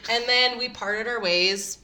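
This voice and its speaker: A young woman co-hosting a podcast, telling a story in casual chat and jumping high for quoted lines. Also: sharp tone. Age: young adult. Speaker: podcast co-host.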